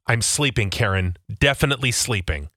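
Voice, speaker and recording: A man's voice: mid-range voice, animated, sharp tone, dry recording, studio quality. A man co-hosting a radio show, reading out listener messages and joking with his co-host. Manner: jokey, quick to laugh.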